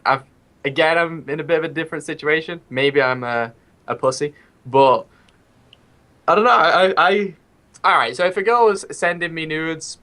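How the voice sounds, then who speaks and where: A man's voice: fairly high pitch, sharp tone. A man in casual podcast chat, hesitant and stammering as he gives his view.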